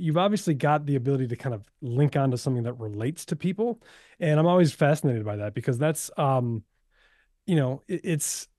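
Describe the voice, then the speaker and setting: Man hosting, keeps restarting, warm low-key tone, dry sound. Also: no room sound. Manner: halting, admiring, many restarts. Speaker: host. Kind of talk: interview chat.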